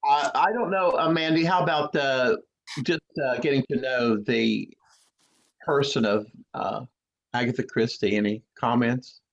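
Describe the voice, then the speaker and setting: A man hosting a casual cast talkback over a video call, halting and full of fillers. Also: mid-range voice. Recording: muffled lo-fi video call audio.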